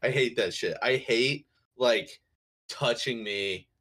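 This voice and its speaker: A man's voice: medium pitch, slow pace, a bit bright. A married man on a podcast talking bluntly and profanely in casual chat. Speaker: podcast co-host.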